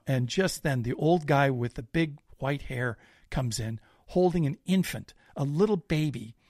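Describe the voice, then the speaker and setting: A man who is a guest on a podcast, telling a personal anecdote in a lively, self-deprecating way. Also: on the high side, no echo, clean studio sound. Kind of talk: casual storytelling.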